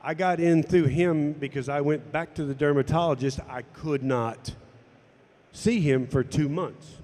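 Guy telling a story, fairly high voice, echoey reverb behind him. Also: unhurried. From United States. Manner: animated storytelling, acting out dialogue. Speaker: golf instructor and former tour pro. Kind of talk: personal story told to camera.

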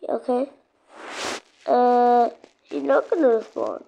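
A woman hosting a gaming channel drifts through casual commentary as she plays, repeating herself and exclaiming out of nowhere. Her slightly high voice is dark and creaky, slow, with fairly even intonation. The audio is dull lo-fi with faint background noise.

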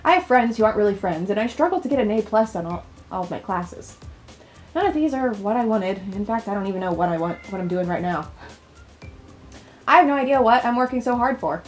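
A woman's voice: medium pitch, expressive, fairly quick, soft background music, lightly acted. A woman reading the part of an overworked young female college student, in a plain, subdued way. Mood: weary. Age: young adult. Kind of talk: reading game dialogue aloud.

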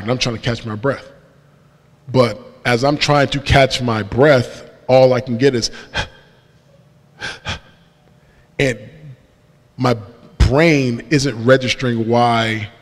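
Young man telling his story in a reverberant church. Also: medium pitch. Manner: casual storytelling, slangy, voices his past self. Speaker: guest speaker. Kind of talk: testimony talk from the pulpit. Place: large church sanctuary. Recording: long hall reverb in a church.

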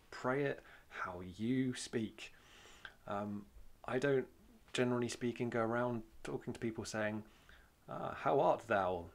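A man's voice: mid-range voice, vocal fry. A man with a Welsh accent giving an informal church talk on prayer, plain-spoken and conversational, with many fillers and repeated phrases for emphasis. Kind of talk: informal sermon teaching.

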